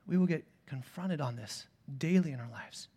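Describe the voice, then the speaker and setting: A man in his thirties, a pastor preaching a sermon in a church, telling stories with swings from quiet asides to loud bursts. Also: a little high, expressive, moderate pace, husky. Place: church sanctuary.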